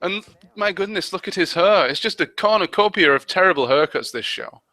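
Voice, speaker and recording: A man's voice: high voice, expressive, a little fast, bright, forceful tone, no echo. A man co-hosting a casual fan commentary on an old TV show, playful and sarcastic. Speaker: commentary co-host.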